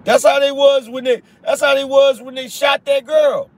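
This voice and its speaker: High-pitched blunt male podcast host. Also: flat delivery, moderate pace, few pauses. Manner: blunt, emphatic, repeats rhetorical questions; casual slang, swears. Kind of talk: conservative opinion commentary.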